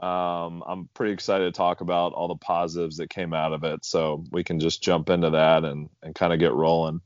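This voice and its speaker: A man's voice: sits low, level tone, a little fast, no echo, muffled recording. A man co-hosting a casual podcast in an easygoing, upbeat way. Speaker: podcast co-host.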